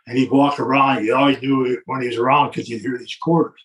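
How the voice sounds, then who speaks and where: A man's voice: medium pitch, fairly even intonation, a little fast, fairly bright tone, recorded from a distance. An older man telling a long anecdote in casual chat, acting out the quotes with chuckles along the way. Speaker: guest telling a wrestling story. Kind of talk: casual storytelling.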